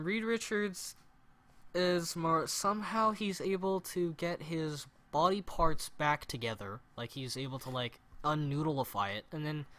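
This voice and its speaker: A man's voice: on the high side, fairly bright tone. A man co-hosting a casual movie review chat, recapping the plot with sarcastic, rambling asides. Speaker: podcast co-host.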